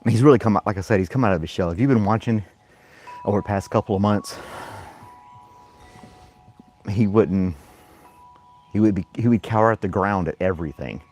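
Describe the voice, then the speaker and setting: A man's voice: quick pace, faint music behind. A man hosting a casual morning live stream, talking playfully to his dog and catching his breath between bursts of play. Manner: playful baby-talk to his dog, high and loud. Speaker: host.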